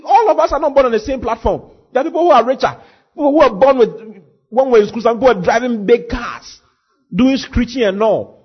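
A husky-voiced man preaching a sermon as pastor, acting out scenes and shouting at the peaks. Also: very high-pitched, highs cut off.

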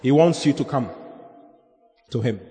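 A man preaching an evangelistic sermon, swinging from loud animated shouting to low, earnest scripture reading. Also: unhurried, big-room sound, a faint crowd, a little hiss or hum.

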